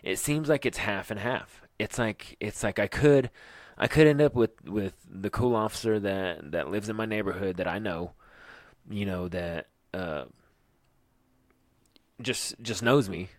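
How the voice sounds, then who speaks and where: Man, laid-back podcast co-host, lower voice, repeats words, dry close sound. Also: no echo. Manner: agreeable, halting, repeats his words. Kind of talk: casual podcast chat.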